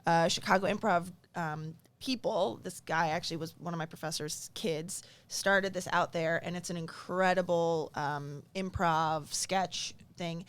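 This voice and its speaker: A chatty woman with a slightly low voice tells a story on a live panel show. She talks casually and laughs often. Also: fairly even intonation, unhurried, hardly any pauses, smooth.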